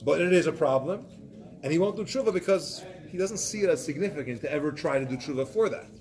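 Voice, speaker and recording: A man teaching a Torah class, explaining points with animated examples and acted-out excuses. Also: fairly high pitch, fast. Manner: animated, acts out excuses in voices.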